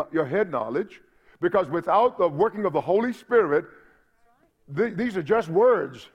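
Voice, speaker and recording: A man preaching a sermon, reading scripture aloud and calling out fervently to his congregation. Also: sits high. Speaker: pastor. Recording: dull lo-fi church audio.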